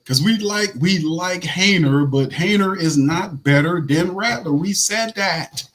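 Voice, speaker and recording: A man with a naturally raspy voice hosting casual live fan commentary, animated, blunt and slangy, laughing often. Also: sits high, unhurried. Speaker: host.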